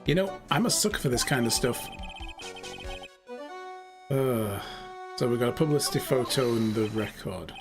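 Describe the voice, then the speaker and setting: A man comments on a video game in a loose, joking way, dropping swear words as he goes. His voice sits in a middle pitch, with game music clearly audible behind him. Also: very animated, normal speed, long pauses. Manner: casual, joking, swears freely. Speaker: streamer. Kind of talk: let's play commentary.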